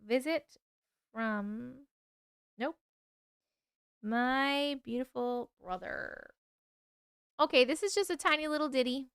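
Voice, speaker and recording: A woman's voice: high voice, animated, slow pace, vocal fry, pauses often, fairly bright tone, smooth, no echo, clean studio sound. A woman hosting a late-night livestream, chatting sleepily with her viewers, swearing and yawning as she reacts to their stories. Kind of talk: casual livestream chat.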